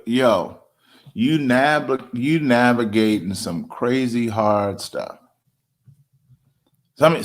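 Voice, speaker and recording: A man hosting a devotional show, preaching casually and emphatically, repeating phrases for weight and using relaxed slang. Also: mid-range voice. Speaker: host and preacher.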